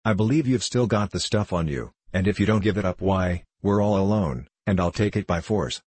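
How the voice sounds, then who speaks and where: A man's voice: low-pitched, fairly quick, slightly rough, dry recording. A man voicing a big, boisterous master thief who mocks and gloats in an audiobook reading. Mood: threatening. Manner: loud, triumphant and mocking.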